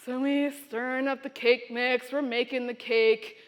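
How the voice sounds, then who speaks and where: A woman giving a keynote speech, telling a story in an animated, dramatic way. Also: a little high, a little slow. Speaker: keynote speaker. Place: conference hall. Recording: reverberant hall.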